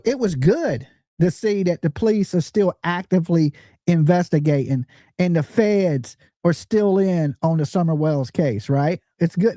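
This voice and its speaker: A woman's voice: lowish voice, dark tone, no room sound, clean studio sound. A woman hosting a true crime commentary, blunt and emphatic, swearing and firing rhetorical questions at her viewers. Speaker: true crime channel host.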